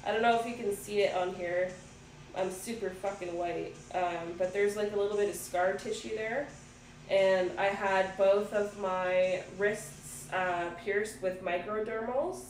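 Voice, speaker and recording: A livestream host in her thirties from Ontario, Canada, chats casually, swearing freely and reading out viewer comments. Her mid-range voice holds a steady tone at a measured pace. The roomy space and distant mic add slight background noise, with music playing behind her.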